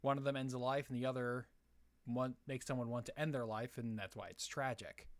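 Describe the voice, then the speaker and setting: A man's voice: mid-range voice, steady tone, fairly quick, no echo. A young man hosting a casual live stream Q&A, answering chat questions in a hesitant way with many fillers and restarts.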